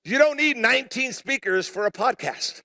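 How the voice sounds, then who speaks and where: A man preaching a sermon to a congregation, telling a story in an animated, conversational way with self-deprecating humor and calling out for responses. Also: very high voice, normal speed, gravelly. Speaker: pastor. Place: church sanctuary before a live congregation.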